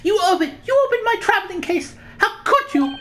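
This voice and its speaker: A woman's voice: very high-pitched, sing-song, fairly quick, fairly bright tone, a little hiss or hum, voice pushed up, heavily acted. A woman voicing a hysterical Russian noblewoman in a put-on Russian accent, shrieking accusations. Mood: shrill outrage.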